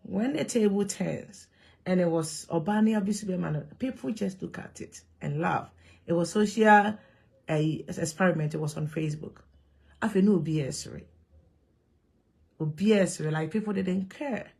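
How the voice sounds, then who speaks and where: A woman with a Ghanaian accent talking to camera in an animated, emphatic way, switching between Twi and English. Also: fairly low pitch, normal speed, vocal fry, breathy edge. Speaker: vlogger. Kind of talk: casual monologue to camera.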